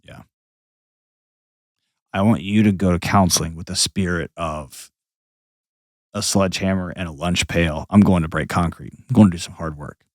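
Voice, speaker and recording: A man's voice: deep voice, moderate pace, long pauses, a little mellow, no echo, clean studio sound. A man hosting an advice call-in show, talking bluntly and painting vivid scenes as he coaches a caller. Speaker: host.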